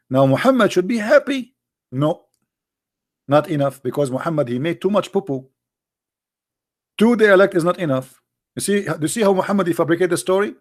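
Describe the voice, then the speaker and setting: A man delivers mocking polemical commentary, leaning on rhetorical questions. His voice sits noticeably high, and his English has broken grammar. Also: very animated, normal speed. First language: Arabic. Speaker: religious critic.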